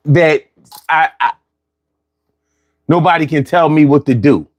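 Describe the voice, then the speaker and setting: A man hosting a casual livestream, chatting loosely, reading chat and repeating his phrases. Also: on the high side.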